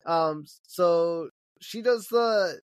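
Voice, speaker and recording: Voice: mid-range voice, drawn-out words, clean tone. A podcast co-host recapping an episode in casual chat, asking questions and reacting. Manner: lively, questioning, chatty.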